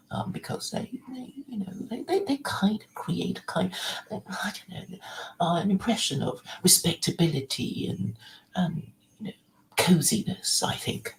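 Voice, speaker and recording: A woman hosting a livestream in casual chat, rambling with many restarts and soft, half-whispered asides. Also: on the low side, vocal fry, poor audio. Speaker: livestream host.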